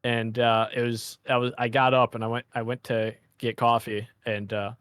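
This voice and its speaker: Relaxed male guest, dry close sound. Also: mid-range voice, normal speed, smooth, dry recording. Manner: relaxed, laughs easily, hesitant fillers. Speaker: guest, aspiring voice actor. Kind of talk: casual interview chat.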